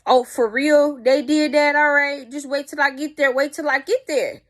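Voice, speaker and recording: A woman voicing a loud young woman who eagerly promises to show up. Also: sits high, steady tone, normal speed.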